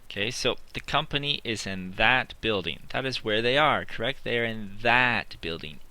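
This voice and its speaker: A man teaching English in a slow, deliberate classroom style, repeating his examples while writing them on a board. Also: fairly low pitch, lively intonation, pushed and bright. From not British.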